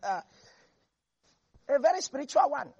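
A preacher giving an animated sermon, swinging between hushed asides and loud emphasis. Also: high voice, unhurried, lo-fi sound, a little hiss or hum.

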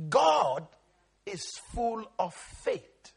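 A man's voice: extremely high pitch, big pitch swings, unhurried, sharp tone. A male preacher giving an emphatic sermon, calling on the listeners to respond and quoting scripture.

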